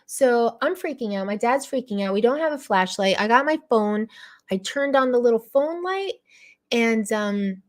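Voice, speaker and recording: A woman hosts a casual live stream and tells a long story in a rambling way, full of fillers and throat clearing. She sounds tearful and upset, and her voice sits slightly high. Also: expressive, normal speed.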